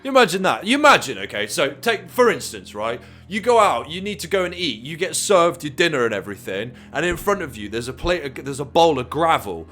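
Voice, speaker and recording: Excitable, swearing young man. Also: on the high side, fairly quick, hardly any pauses, faint music behind. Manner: excitable, swears a lot, reads facts aloud and riffs. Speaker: podcast co-host. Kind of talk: casual comedic chat.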